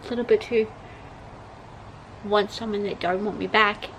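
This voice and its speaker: A young woman vlogger reacts to an album with pop music playing behind her, chatting casually and emotionally as she gushes over the songs. Her mid-range voice is fairly even and moderately paced, in poor audio with slight background noise.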